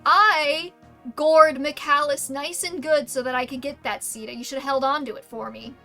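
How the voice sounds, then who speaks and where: Young woman streamer, high voice, crude sarcastic gameplay commentary, faint music behind. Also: steady tone, normal speed, sharp tone.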